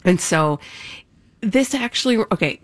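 A woman's voice: on the low side, lively intonation, unhurried, dry recording. A woman co-hosting a podcast in casual chat, chatty and confident. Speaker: podcast co-host.

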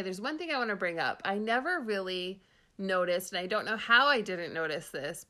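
A woman co-hosts a laid-back podcast and talks in a bubbly, emphatic, gushing way. She speaks at a middling pitch for a woman. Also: bright, forceful tone. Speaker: podcast co-host. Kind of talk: casual chat.

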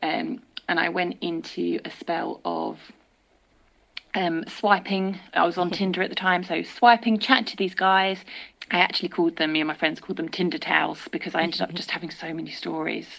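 A woman's voice: lowish voice, steady tone, moderate pace, vocal fry, fairly bright tone, low-quality recording. A woman sharing a dating story in a candid, self-deprecating way, acting out her own past lines. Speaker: listener sharing a dating dilemma.

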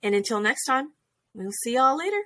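A woman co-hosting a podcast, chatting in a bubbly, excitable way. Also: on the high side, fairly quick. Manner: bubbly, exclaims and restarts often. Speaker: podcast co-host. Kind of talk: casual podcast chat.

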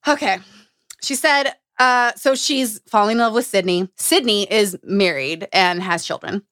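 A woman hosting a casual book-club podcast, talking in an animated way, swearing freely and reading passages aloud. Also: mid-range voice, measured pace, clear, resonant tone, dry recording, clean studio sound. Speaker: podcast host.

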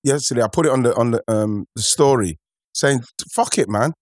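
A man hosting a casual football podcast, talking in a rambling, excitable way with many restarts. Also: mid-range voice, fairly quick, slight background noise. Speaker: podcast host.

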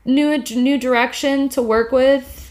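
A young woman co-hosting a casual podcast chat, telling stories in a slangy, animated way. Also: sits high, takes it slowly. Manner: chatty, slangy, animated storytelling. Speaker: podcast co-host.

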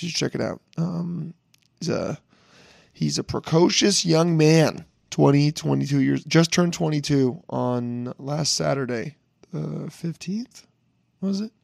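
A young man hosting a casual podcast, hoarse from a lost voice, rambling and joking with plenty of swearing. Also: on the high side, measured pace, darkish tone, dry recording, studio quality. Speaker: podcast host. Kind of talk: casual solo podcast intro.

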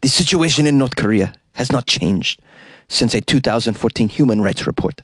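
A man doing a slow, breathy celebrity impression while reading out a quote. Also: medium pitch, lively intonation, no echo. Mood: mock-sultry. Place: small closet.

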